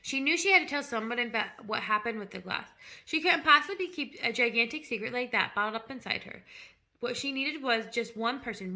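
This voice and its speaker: Woman storybook reader, high-ish bright voice, gentle asides. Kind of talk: reading a children's novel aloud.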